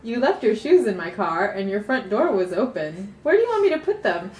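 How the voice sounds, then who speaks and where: A woman's voice: mid-range voice, sing-song, brisk, a little mellow, reverberant, close to an everyday voice. A woman voicing an anxious young man, a new boyfriend, who keeps asking worried questions. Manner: anxious, asks question after question.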